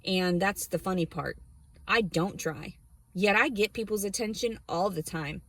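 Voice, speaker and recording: A woman's voice: medium pitch, unhurried, fairly bright tone, no echo. A woman vlogger ranting to camera about her life, blunt, heated and full of profanity. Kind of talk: angry personal rant to camera.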